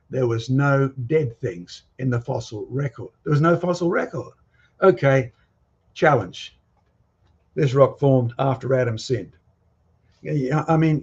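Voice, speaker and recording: A man's voice: fairly high pitch, darkish tone, lo-fi sound. A man giving a lecture with slides to a live audience, speaking emphatically and quizzing his listeners with provocative questions. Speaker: guest lecturer.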